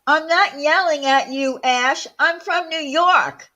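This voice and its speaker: A brash, defensive New Yorker woman who insists she isn't yelling, pitched well up and dragged out slowly in a mocking tone, as a woman mimics her. Every word is leaned on with exaggerated emphasis. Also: heavily acted.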